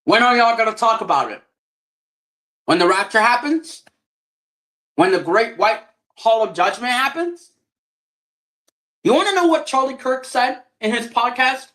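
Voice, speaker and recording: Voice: mid-range voice, animated, measured pace, long pauses, fairly bright tone. A streamer in a heated, profane political rant who keeps asking rhetorical questions. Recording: roomy echo.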